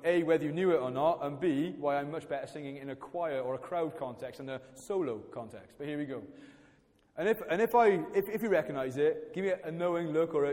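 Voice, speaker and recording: A man's voice: a little high, darkish tone. A man preaching a sermon in a chatty, self-deprecating way, often restarting his sentences. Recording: church hall reverb.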